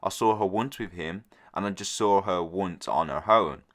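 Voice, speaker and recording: A man's voice: sits low, moderate pace, a bit bright. A man telling a story casually to his channel, rambling with lots of filler words. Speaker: storyteller vlogger.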